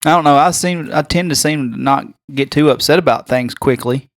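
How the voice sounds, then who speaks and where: A man's voice: fairly high pitch, brisk, no echo. Rambling man, dry close mic. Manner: rambling, complaining storyteller. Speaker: podcast co-host. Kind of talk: casual chat. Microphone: studio microphone.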